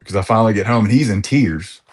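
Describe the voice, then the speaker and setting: Frustrated fortyish man with a slightly low voice, on a coaching call. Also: quick pace. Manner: frustrated, retells conversations. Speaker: coaching client. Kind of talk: casual call.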